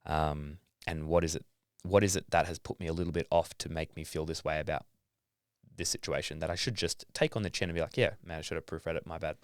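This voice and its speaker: A man's voice: extremely low pitch, steady tone, fairly quick, no room sound, clean studio sound. An Australian man, a young adult athlete, talking casually as a podcast guest, swearing now and then and acting out his own thoughts. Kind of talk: casual interview talk.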